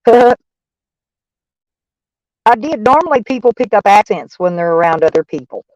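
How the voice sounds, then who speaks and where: A woman's voice: mid-range voice, lively intonation, a little slow, darkish tone, no room sound, lo-fi sound. A woman with a Texan accent chatting casually on a live stream, rambling and swearing freely as she thanks viewers. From Texas. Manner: rambling, profane, folksy.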